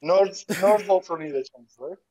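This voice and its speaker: A man chatting casually during a party card game, reading prompts in a drawn-out sing-song way. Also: high voice, over a noisy crowd. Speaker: game player. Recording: dull lo-fi mic.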